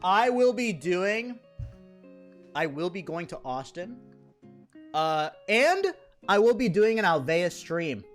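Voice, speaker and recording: A man streamer chatting casually and thanking viewers in a relaxed way. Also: sits high, slow, long pauses, soft background music.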